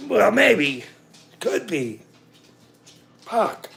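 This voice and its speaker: A middle-aged man rants to his livestream audience, cursing and mocking as he goes. His voice is high and heavily gravelly, with a slow, deliberate delivery and wide swings in pitch. The tone is sharp and bright. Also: wildly swooping pitch. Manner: profane, sarcastic ranting, talks to chat. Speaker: livestream host. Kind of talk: ranting livestream chat.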